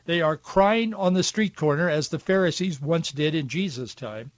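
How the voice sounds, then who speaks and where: Male commentary host, high voice, preachy, dull lo-fi recording. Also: normal speed, no echo. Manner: emphatic, preachy, indignant. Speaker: podcast host. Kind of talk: political commentary monologue.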